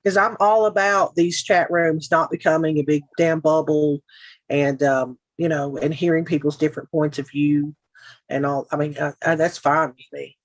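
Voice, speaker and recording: A woman's voice: sits low, steady tone, moderate pace, dry recording, muffled recording. Chatty Tennessee woman hosting a stream. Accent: Tennessee Southern. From Middle Tennessee. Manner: frank, sarcastic, chatty with frequent asides. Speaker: livestream host. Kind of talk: casual livestream chat. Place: home.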